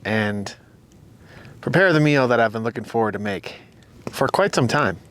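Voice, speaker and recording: A man's voice: mid-range voice, animated, moderate pace, a bit bright, a little hiss or hum. A man talking casually to himself and his viewers as he cooks on a solo camping vlog, easygoing and chatty. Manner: easygoing, self-talking while cooking. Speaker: vlogger.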